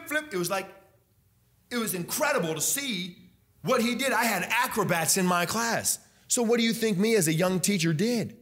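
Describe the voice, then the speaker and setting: A young man preaching a sermon as pastor, loud and animated, breaking into sing-song emphasis. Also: sits high. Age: young adult.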